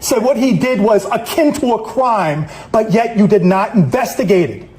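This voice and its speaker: A man's voice: high-pitched, lively intonation, normal speed, a little mellow, slight background noise. A man giving an angry, accusatory public comment speech, swearing as he denounces the police.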